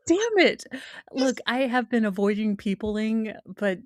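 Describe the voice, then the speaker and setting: A woman co-hosting a commentary show, joking and reacting with animated outbursts. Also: a little high, takes it slowly, pauses often, background noise. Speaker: co-host. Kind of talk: casual commentary chat.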